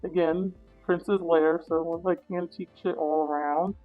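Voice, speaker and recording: A woman telling a wild story in casual talk, animated and full of swearing, acting out her own reactions with sudden high, loud bursts. The audio is dull and lo-fi, with faint music underneath. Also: moderate pace. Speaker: interview guest.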